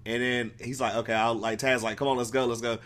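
Man, podcast co-host, casual wrestling chat, rambling, swears a lot, mid-pitched. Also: little pitch movement, fast talker, fairly bright tone. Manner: rambling, profane, laughs often.

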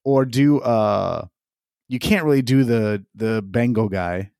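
A man's voice: lowish voice, slow pace, creaky, darkish tone, clean tone, no echo, studio quality. A man co-hosting a podcast in casual chat, rambling and joking with plenty of swearing. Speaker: podcast co-host.

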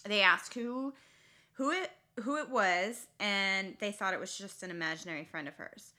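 A woman in her thirties co-hosting a podcast, telling a story in casual, expressive chat. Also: mid-range voice, normal speed. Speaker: podcast co-host.

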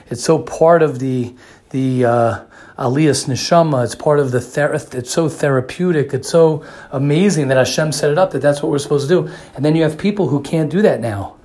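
A man's voice: a little high, normal speed, darkish tone. A man giving a sermon who repeats phrases for emphasis and often restarts his sentences. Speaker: religious speaker.

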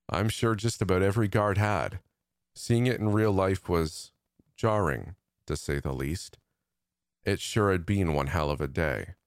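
A man narrating a first-person horror story in a steady, measured, tense reading. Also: sits low, clean tone, no room sound, clean studio sound.

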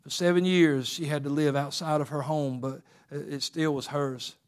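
A male preacher with a fairly high voice delivers a sermon. He swings between hushed, intimate passages and loud, fervent exhortation, repeating phrases for emphasis. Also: steady tone, moderate pace. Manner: builds from quiet talk to loud fervent preaching.

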